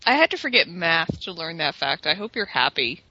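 A woman co-hosting an online talk show with wry, quick comebacks. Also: lowish voice, very animated, bright, forceful tone, slightly rough, dry recording. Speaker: radio show co-host. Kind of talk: casual talk radio banter. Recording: dull lo-fi online call audio.

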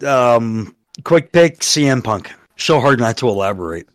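An easygoing man hosting a podcast, leaning on fillers as he thinks aloud. His voice is mid-pitched and sits close and dry. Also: animated, a little slow, no room sound. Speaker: podcast host. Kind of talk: casual podcast chat.

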